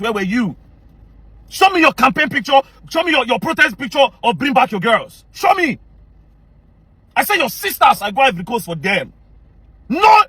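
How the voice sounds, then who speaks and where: Brief: Nigerian man with a Pidgin-inflected accent, rapid-fire and confrontational, dry close sound. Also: high voice, fairly bright tone, breathy edge, dry recording. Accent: Nigerian Pidgin-inflected English. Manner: confrontational, heated, mixes English with Pidgin. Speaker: social media commentator. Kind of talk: angry direct-to-camera rant.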